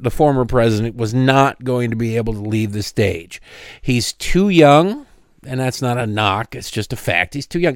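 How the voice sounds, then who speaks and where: A man's voice: medium pitch, clean tone, no echo, clean studio sound. A middle-aged man hosting a political talk show, delivering an opinionated monologue with sarcastic asides and tangents. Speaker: radio talk show host.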